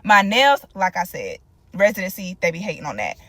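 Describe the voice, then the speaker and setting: A woman chatting casually to her phone camera in an expressive, sing-song way. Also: fairly low pitch, a little fast, no room sound.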